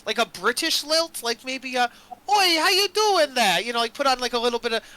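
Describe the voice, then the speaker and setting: A man's voice: extremely high pitch, fast, pushed and bright, clear, resonant tone, voice pushed up. A man voicing a fussy, chatty male bathhouse attendant in a tabletop game, rambling with many fillers.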